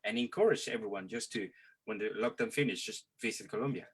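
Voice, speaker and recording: Eager co-host, halting english. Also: male voice, lowish voice, fairly bright tone, husky. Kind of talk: interview hosting.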